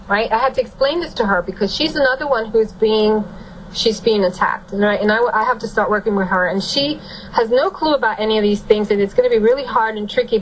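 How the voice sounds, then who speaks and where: A woman telling a personal story in a casual, animated and emphatic way. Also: on the high side, a little hiss or hum, poor audio.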